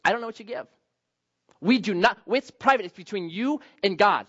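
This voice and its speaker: A man's voice: sits high, lively intonation, normal speed, a bit bright, dull audio. A man preaching a sermon as pastor, telling stories with self-mocking jokes. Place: church sanctuary.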